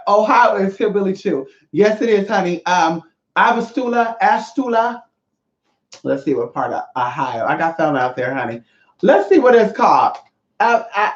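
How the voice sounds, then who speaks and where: Sassy, expressive man in his thirties. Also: brisk. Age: 30s. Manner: sassy, expressive, swings pitch a lot. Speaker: livestream host. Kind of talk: casual livestream chat. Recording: roomy dull lo-fi sound.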